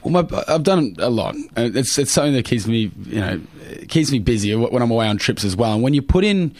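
Fields: quick-talking young Australian man, dry sound. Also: mid-range voice, very animated, a little mellow, no echo. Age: young adult. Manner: cheeky, jokey anecdotes with many fillers. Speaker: guest, Paralympic swimmer. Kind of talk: casual interview storytelling.

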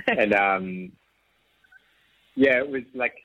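A man telling his own story as an interview guest, rambling with restarts and soft laughs. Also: medium pitch, extremely slow, no echo. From Australia. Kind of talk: casual conversational storytelling. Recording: tinny phone-like line, dry.

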